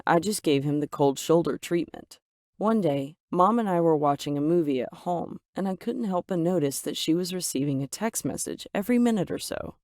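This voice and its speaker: A woman narrating a first-person story in an even, measured way, voicing the quoted lines herself. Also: fairly low pitch, no room sound, studio quality.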